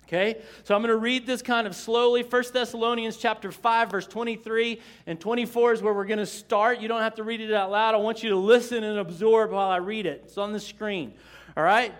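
A man preaching a sermon as pastor, slow and emphatic, drawing responses from the congregation with asides and chuckles. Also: high-pitched, fairly even intonation.

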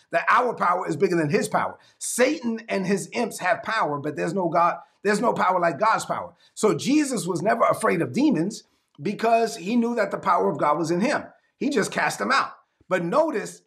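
A man's voice: high-pitched, gravelly, fairly bright tone. A man preaching a sermon as a pastor, asking rhetorical questions and reading scripture aloud to a congregation that is streamed online.

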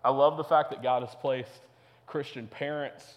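A man's voice: mid-range voice, steady tone, moderate pace, long reverb tail, dull audio. A young man preaching a sermon to teenagers as a youth pastor, earnest and repetitive. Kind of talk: sermon to teens.

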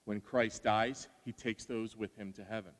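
A man preaching a sermon, animated and asking rhetorical questions, acting out the voices he quotes. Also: on the low side, normal speed, big-room sound.

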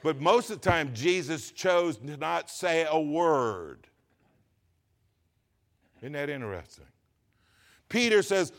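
A man preaching a sermon as pastor, reading scripture slowly and swinging between loud emphatic lines and quiet asides. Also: on the high side, very animated. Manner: reads scripture slowly with stress.

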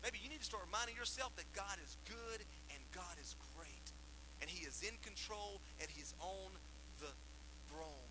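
Pastor preaching over mains hum. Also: male voice, high-pitched, normal speed. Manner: emphatic preaching, loud bursts and softer asides. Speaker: lead pastor. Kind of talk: sermon. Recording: poor audio with mains hum.

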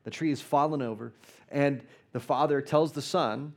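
An earnest male preacher delivering a sermon in a voice of middle pitch. He tells stories with energy and slows down for soft, quiet prayer. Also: vocal fry. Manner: earnest, storytelling, pauses and prays softly. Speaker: guest preacher.

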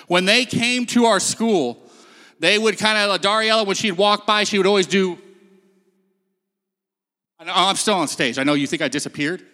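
A man's voice: high-pitched, bright, forceful tone. Man preaching in a big reverberant hall. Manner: casual, storytelling, acts out quotes. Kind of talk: sermon-style talk. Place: stage in a large hall.

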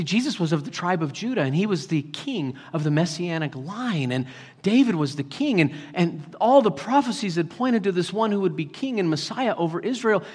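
A man preaching a sermon as pastor, with a dynamic delivery that swings from loud to whispering. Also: high-pitched, breathy edge, long reverb tail.

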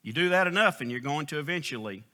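Animated preacher man. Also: fairly high pitch, quick pace. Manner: animated, emphatic, folksy storytelling. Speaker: pastor. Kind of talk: sermon.

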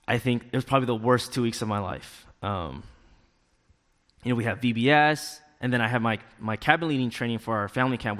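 A man's voice: medium pitch, a bit bright. A young man giving a casual personal testimony as a church youth leader, acting out his own thoughts as he goes. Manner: casual and conversational, with many fillers and acted-out inner thoughts. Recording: long hall reverb.

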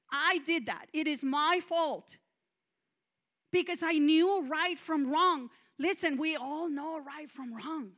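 High-voiced woman preaching her testimony. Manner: emphatic, confessional, swinging between loud and hushed. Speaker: guest minister. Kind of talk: testimonial sermon.

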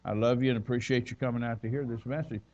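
Man, guest preacher, sermon, folksy conversational asides, mid-pitched voice, muffled church recording. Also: fairly even intonation, quick pace, a little mellow.

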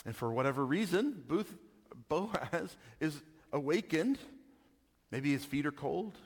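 A pastor delivers his sermon like a friendly chat, checking in with the congregation and chuckling as he goes. His voice sits a little high for a man. Long reverb from the sanctuary trails after each phrase. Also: lively intonation, a little slow, breathy edge. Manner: conversational, laughs often, keeps asking "right?".

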